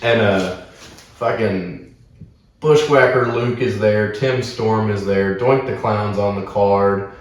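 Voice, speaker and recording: A man co-hosting a casual podcast, telling profane, animated stories. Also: on the low side, slow. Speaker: podcast co-host, wrestler. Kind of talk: casual storytelling chat. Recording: roomy echo, distant from mic.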